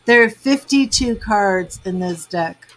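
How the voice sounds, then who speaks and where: A woman tarot reader talks slowly and unhurriedly to viewers of her live stream. Her delivery is emotional and rambling, full of fillers, and she sounds tearful. Her pitch sits in an ordinary middle range. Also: animated, low-quality recording. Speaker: tarot reader and psychic medium.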